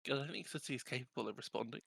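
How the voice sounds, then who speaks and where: Halting bright-voiced man running the game. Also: medium pitch, creaky, breathy edge, no echo, studio quality. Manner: halting, many restarts and fillers. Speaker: dungeon master. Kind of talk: narrating a tabletop game.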